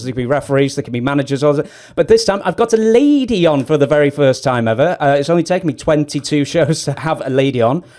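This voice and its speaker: A man's voice: medium pitch, a little mellow. A British man with a northern English accent hosting an interview, joking and self-deprecating with plenty of hesitation. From Britain. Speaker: interview host. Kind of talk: casual interview chat.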